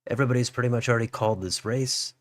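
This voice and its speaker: A man's voice: medium pitch, racing, no echo. A man hosting a political livestream, musing aloud as he reads out election results. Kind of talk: live election results commentary.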